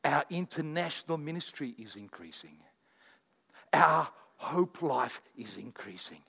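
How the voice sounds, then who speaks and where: A man preaching a sermon as pastor, animated and repetitive, telling stories to his church. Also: a little high, measured pace, vocal fry, slightly rough, big-room sound. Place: church sanctuary.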